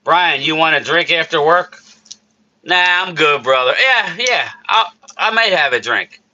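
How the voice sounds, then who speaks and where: A man hosts a casual live stream, ranting about sports in a heated, worked-up way and calling out replies to chat. His voice sits high and sounds strikingly bright and forceful. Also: expressive, unhurried, lo-fi sound. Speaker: streamer host reading chat.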